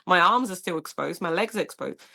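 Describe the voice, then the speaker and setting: Paramedic woman, lively storyteller, slightly low voice, stumbles and restarts. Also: fairly quick, creaky. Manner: animated, many restarts and fillers. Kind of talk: storytelling in a podcast interview.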